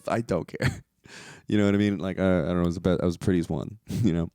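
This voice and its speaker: A man, a stand-up comedian hosting his own podcast, rambles through a casual, profane monologue and now and then jumps into playful high-pitched outbursts. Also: fairly quick, mellow, clean tone, no echo, clean studio sound.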